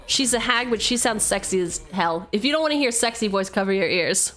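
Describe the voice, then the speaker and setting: A woman's voice: medium pitch, animated, brisk, fairly bright tone. A woman streamer chatting casually and swearing freely while opening card packs, laughing often.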